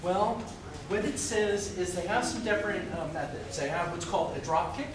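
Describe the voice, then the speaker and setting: A woman's voice: on the low side, moderate pace, background noise. A woman performing in a live improv comedy scene, chatty and earnest in character. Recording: echoey room mic from far off, audience behind.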